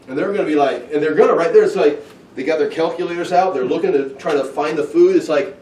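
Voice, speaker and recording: A man teaching through a Bible passage, talking casually and acting out the scenes with lively bursts. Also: on the high side, fast, slight background noise. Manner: animated, acts out scenes with excited outbursts. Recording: echoey room, heard from a distance.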